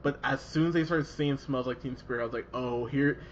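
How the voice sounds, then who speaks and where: A man hosting a casual movie review chat, animated and sarcastic, mocking the film as he talks. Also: mid-range voice, quick pace, dull audio, slight background noise. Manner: animated, sarcastic, mocks lines in put-on voices. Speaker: podcast host.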